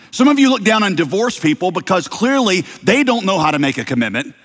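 A man's voice: high voice, fairly bright tone, in a large hall. A man with a slight Southern American accent, preaching a sermon as pastor, conversational and wry, with rhetorical questions to the congregation. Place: church sanctuary.

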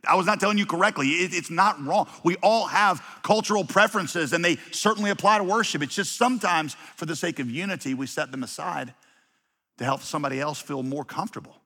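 Bright-voiced pastor preaching with humor. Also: male voice, fairly high pitch, brisk, long reverb tail. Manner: humorous storytelling with many restarts. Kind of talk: sermon.

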